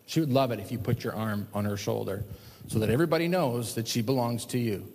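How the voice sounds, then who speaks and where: A man preaching a sermon to a congregation, animated, swinging between loud emphatic lines and hushed, slow ones. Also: mid-range voice. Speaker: pastor. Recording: long hall reverb.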